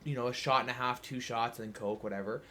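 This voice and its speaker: A man's voice: medium pitch, steady tone, quick pace, bright, forceful tone. A young man co-hosting a podcast, telling a long anecdote in a rambling, casual way full of fillers. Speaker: podcast co-host. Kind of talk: casual storytelling chat.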